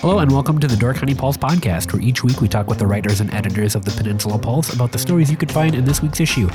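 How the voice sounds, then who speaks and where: A man hosting a podcast in a relaxed, chatty way, his voice stuffy and congested from a sinus infection, recording away from his usual studio. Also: medium pitch, very fast, over loud music. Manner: relaxed, chatty, with fillers and restarts. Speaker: podcast host. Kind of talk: casual chat. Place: makeshift spot outside the usual studio.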